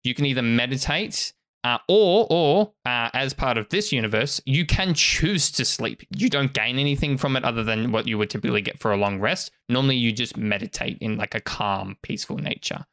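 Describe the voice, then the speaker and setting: A man's voice: medium pitch, a little fast, fairly bright tone, no room sound. A man acting as game master, explaining rules and narrating in a casual, rambling way with frequent fillers.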